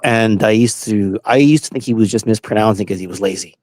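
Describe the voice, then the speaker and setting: A man's voice: lowish voice, quick pace, a little mellow, no echo. A man from western Canada with a Canadian accent, a guest chatting in an easygoing way and telling small anecdotes. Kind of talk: casual chat.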